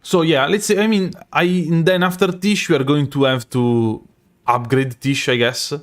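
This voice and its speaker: A man's voice: on the high side, fairly even intonation, moderate pace. A young Italian man with a strong Italian accent, chatting loosely while he plays a live game and answers his chat, often restarting his sentences. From Italy. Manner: rambling, self-correcting, chatty with chat. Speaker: streamer. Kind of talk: live gameplay commentary.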